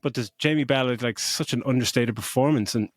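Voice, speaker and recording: A man's voice: mid-range voice, a little fast, no echo. A man in middle age raves about a film on a casual podcast. He swears freely, stumbles through restarts, and gets emotional. His mid-range voice sits in a dry, close recording. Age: middle-aged. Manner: emotional when retelling scenes. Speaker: podcast co-host. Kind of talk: casual film review chat.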